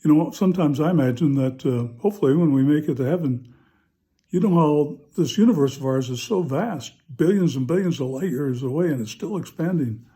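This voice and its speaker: A man, a parish priest, telling a humorous story in a relaxed, chatty homily, pausing often with "uh.". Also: on the high side, breathy edge.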